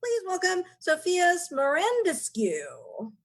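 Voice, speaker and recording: A woman's voice: very high-pitched, huge pitch swings, slow pace. A woman hosting a comedy show who announces and introduces the next comic. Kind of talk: introducing acts.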